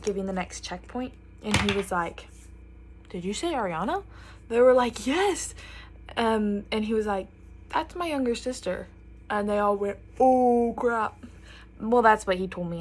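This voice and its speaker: A woman's voice: mid-range voice, a little hiss or hum. A young woman telling a chatty storytime while getting ready, animatedly quoting others. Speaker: vlogger.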